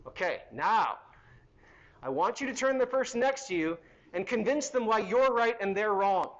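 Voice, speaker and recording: A man's voice: high-pitched, expressive, normal speed, lo-fi sound. A middle-aged man teaching a university chemistry lecture in a hall, conversational and asking the class questions as he goes.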